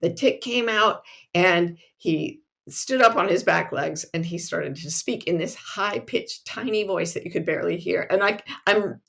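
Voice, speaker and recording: A woman hosting a casual podcast who tells stories in an animated, self-mocking way and laughs often. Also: lowish voice, unhurried, gravelly. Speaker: podcast host.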